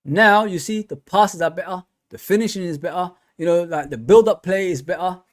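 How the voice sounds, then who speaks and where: A man's voice: sits high, brisk. A man hosting a live football review stream for his fan channel. He talks casually and chattily, with lots of fillers and repeated words.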